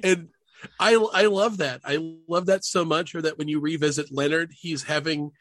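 A man co-hosting a casual podcast chat, talking in an animated way and laughing often. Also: fairly high pitch, normal speed. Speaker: podcast co-host.

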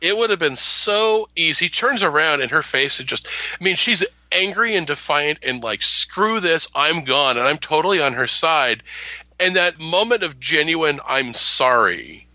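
A man's voice: a little high, animated, normal speed, bright, forceful tone, dry recording, highs cut off. A man co-hosting a podcast, chatting about a TV episode with enthusiasm. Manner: enthusiastic, gushing. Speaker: podcast co-host. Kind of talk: casual TV rewatch discussion.

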